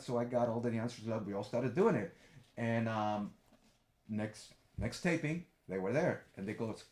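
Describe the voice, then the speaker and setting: An older man, a guest, telling lively stories about his dancing days and acting out every quote. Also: moderate pace. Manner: lively storyteller who acts out quotes with big pitch jumps. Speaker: guest, former TV dancer and host. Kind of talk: animated storytelling.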